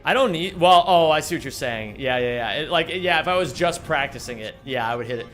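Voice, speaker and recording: Chatty young male streamer, lively pitch. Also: fairly quick, soft background music. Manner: joking, chatty, greets viewers by name. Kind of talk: casual live-stream chat while gaming.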